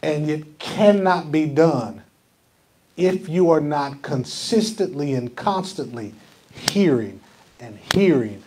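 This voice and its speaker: A man's voice: on the high side, animated, takes it slowly, mellow, a little hiss or hum. A man pastor preaching a conversational sermon in a church, often asking the congregation questions. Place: church sanctuary.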